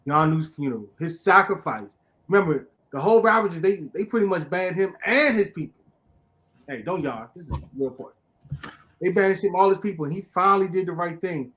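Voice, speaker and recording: A man with a slightly high-pitched voice hosts a relaxed comic book podcast in an excitable style. He's quick to laugh and goes off on loud, emphatic rants when something gets under his skin.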